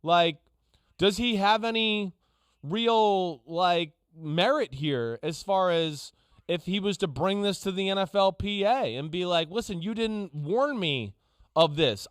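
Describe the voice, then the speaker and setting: Casual rambling sports co-host. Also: male voice, sits high, smooth, no room sound, studio quality. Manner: casual, rambling, many fillers. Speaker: co-host, former player analyst. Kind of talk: sports talk show discussion.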